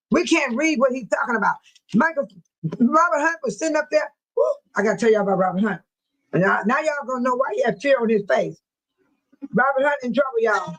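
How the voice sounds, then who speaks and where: A woman's voice: fairly high pitch, fairly bright tone, rough recording. A woman hosting her own channel in casual live-stream chat, laughing often and mimicking other people in exaggerated voices. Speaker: channel host.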